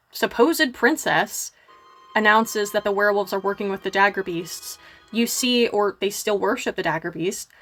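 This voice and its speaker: A woman narrating as game master in a casual way, with lots of "um" and quick scene-setting. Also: mid-range voice, a bit bright. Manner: casual, many fillers, brisk scene-setting.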